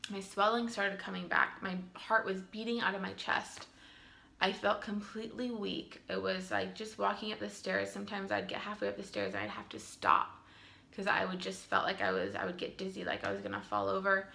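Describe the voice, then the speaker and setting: Young woman with a bright, gravelly voice. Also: mid-range voice, normal speed. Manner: earnest, with frequent ums and retold quotes. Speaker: vlogger telling her birth story. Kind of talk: casual storytelling to camera. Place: home room.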